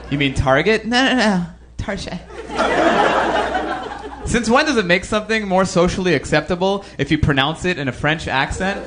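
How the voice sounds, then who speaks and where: A man's voice: high-pitched, animated, a little fast, few pauses. A man doing stand-up, mimicking a snooty roommate in his story. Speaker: stand-up comedian. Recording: loud crowd and noise.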